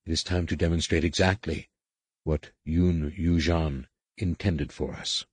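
Stern middle-aged alien priestess-scientist, read by a male narrator; low, husky, quietly authoritative. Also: fairly even intonation, measured pace, no echo, full character voice. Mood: stern, measured. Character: stern female master shaper, middle-aged, commanding.

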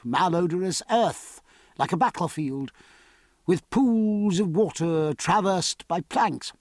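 A man reading a novel aloud as narrator, in a measured, expressive storytelling manner. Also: a little high, no room sound, clean studio sound. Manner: measured, expressive storytelling with varied character voices. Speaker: audiobook narrator. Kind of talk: scripted narration.

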